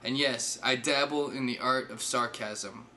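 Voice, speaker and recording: A man's voice: medium pitch, fairly even intonation, unhurried, pushed and bright, slight background noise. A man voicing a sarcastic young woman texting on a dating app, with a dry, teasing delivery.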